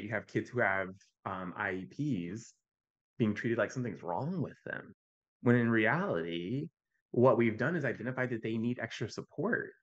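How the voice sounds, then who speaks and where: A man with a fairly low voice tells stories on a podcast. He sounds animated and conversational and keeps checking in with a quick "right?". The audio is dull and a little lo-fi. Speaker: podcast guest, youth mental health advocate. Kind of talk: conversational storytelling.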